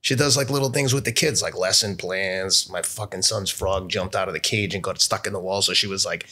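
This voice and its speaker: Bright-toned man in his fifties, profane. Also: sits low, a little fast. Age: 50s. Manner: profane, animated storyteller. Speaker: podcast guest, ultrarunner. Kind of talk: casual storytelling interview.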